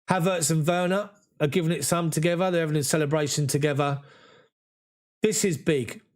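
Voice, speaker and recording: A man giving emotional, excited live fan commentary on a match. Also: on the high side.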